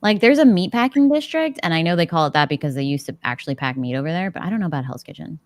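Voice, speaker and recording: Lively low-voiced woman hosting a chat. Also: racing, dry recording, studio quality. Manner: chatty, laughs often, many fillers. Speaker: book club host. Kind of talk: casual chat.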